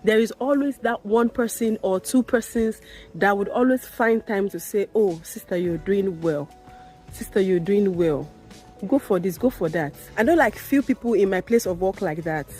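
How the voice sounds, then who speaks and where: A young woman speaks candidly to camera about her work as a midwife. Her voice sits at a middle pitch and she presses her points by repeating them. Faint music plays behind her. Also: normal speed, a little mellow. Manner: emphatic, repeats phrases, rises in pitch when indignant. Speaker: midwife vlogger. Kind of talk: candid talking-to-camera vlog.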